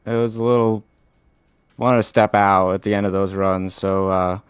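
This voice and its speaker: A man, a racing driver, giving a halting, laid-back post-race interview. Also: deep voice, fairly even intonation, clean tone, no echo, studio quality.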